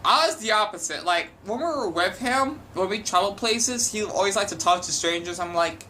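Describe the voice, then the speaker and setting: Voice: medium pitch, animated, normal speed, pushed and bright, a little hiss or hum. A young adult vlogger talking at home in a chatty, wandering, self-deprecating way. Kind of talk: casual rambling chat.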